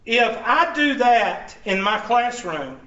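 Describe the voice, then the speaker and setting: A high-voiced man speaks to his college math class on the first day, joking and folksy, calling on students by name. The sound is distant and muffled, with the echo of the classroom around him. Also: sing-song, slow, pushed and bright.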